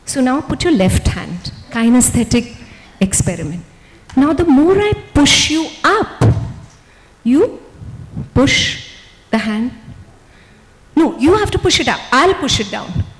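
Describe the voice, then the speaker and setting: A woman giving an energetic motivational stage talk, coaxing volunteers and the audience. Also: sits high, slow pace, long pauses, long reverb tail, rough recording. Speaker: motivational speaker.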